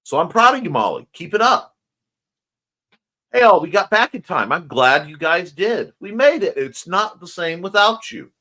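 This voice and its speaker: The male host's voice sits high and has big pitch swings, moving at a moderate pace with a slight scratchiness. Describing his own speech impediment, he rambles playfully through a casual morning stream, reading viewer comments warmly.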